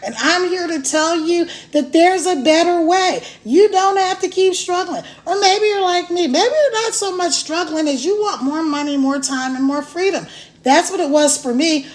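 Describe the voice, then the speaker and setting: High-voiced chatty woman on a phone livestream. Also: normal speed. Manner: chatty and animated, laughs often. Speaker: online business promoter. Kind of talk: casual live-stream chat.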